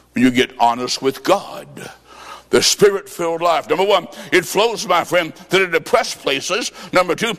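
A man preaching a sermon, telling a story with sudden shouts and sing-song phrases. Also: sits high. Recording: long reverb of a large hall.

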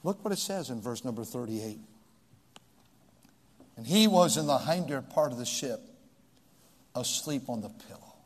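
A man preaching a sermon, swinging from shouts to hushed pleas with dramatic pauses. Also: mid-range voice, lively intonation, husky. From California. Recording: long reverb of a large hall.

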